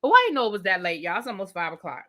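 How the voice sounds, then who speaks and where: A woman's voice: medium pitch, sing-song, rapid-fire, bright, forceful tone. A woman reviewing a TV show in a live rant, heated and profane, with repetitive slangy outbursts aimed at her viewers. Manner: slangy, addresses viewers as y'all and baby.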